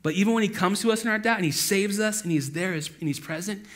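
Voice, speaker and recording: Speaking fast in a high voice, a man preaches a laid-back sermon that wanders into many asides. He dramatizes quotations by suddenly bursting out loudly in character.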